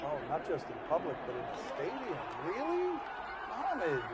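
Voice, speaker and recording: A man hosting a sports talk show, bantering playfully with quick quips and laughs. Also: high voice, wildly swooping pitch, a loud crowd, very noisy. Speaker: host. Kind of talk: casual studio sports talk. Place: TV studio.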